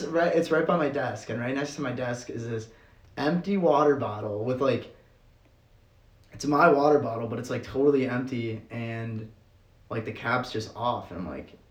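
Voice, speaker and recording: A young man from Wisconsin telling a rambling, animated story as a podcast guest, with lots of fillers and laughter. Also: mid-range voice. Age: young adult. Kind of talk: casual storytelling. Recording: roomy sound from off the mic.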